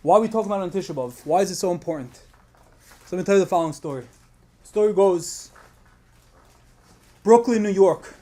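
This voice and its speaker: A man's voice: high voice, a little fast, long pauses. A man giving a Tisha B'Av sermon, telling a moving story with passion and rising intensity, sprinkling in Yiddish and Hebrew terms. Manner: builds to loud impassioned storytelling, Yiddish and Hebrew terms woven in.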